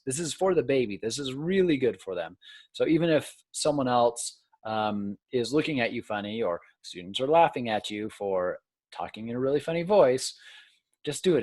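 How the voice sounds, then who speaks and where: A man's voice: medium pitch, dry recording. A man teaching as a college instructor in a recorded video lecture, casual and self-deprecating, with filler ums.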